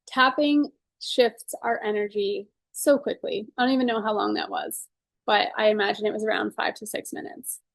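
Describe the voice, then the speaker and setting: A woman's voice: mid-range voice, steady tone, normal speed, no echo. A woman leading a guided tapping session and teaching casually, earnest and upbeat, often saying "like" and "right?". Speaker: EFT tapping coach.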